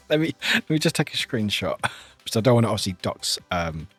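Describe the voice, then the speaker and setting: A man's voice: lowish voice, big pitch swings, moderate pace, a bit bright, breathy edge, soft background music. A British man chatting casually with his livestream viewers, rambling and often laughing at himself. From United Kingdom.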